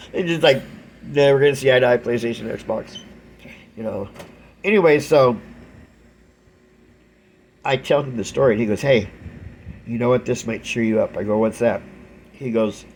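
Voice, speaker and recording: Man, middle-aged, vlogger, rambling storyteller, medium pitch, faint background noise. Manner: rambling, animated retelling with quoted voices. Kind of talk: casual storytelling to camera.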